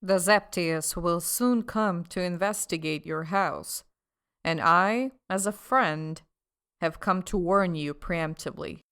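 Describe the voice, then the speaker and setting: A woman's voice: fairly low pitch, slow pace, hardly any pauses, smooth. A woman putting on a sly scheming official. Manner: sly, half-mocking, forceful. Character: scheming, two-faced male official, mocking and cold. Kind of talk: audiobook character voice.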